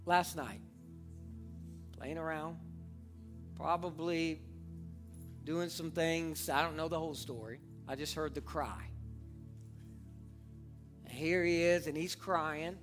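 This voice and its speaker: A man in his thirties preaching a sermon with passion, moving between hushed earnest stretches and fervent, near-shouted appeals. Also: a little high, steady tone, takes it slowly, pauses often, over music. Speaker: pastor.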